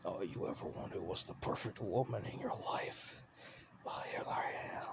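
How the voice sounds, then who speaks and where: A man's voice: sits low, moderate pace, creaky. Man whispering as an ancient taunting vampire woman. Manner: whispered, menacing. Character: ancient taunting female vampire, cruel and seductive.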